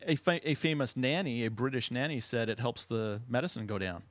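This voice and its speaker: Joking podcast host, dry close sound. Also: male voice, medium pitch, brisk, fairly bright tone, dry recording. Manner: joking, teasing. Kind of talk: casual podcast chat.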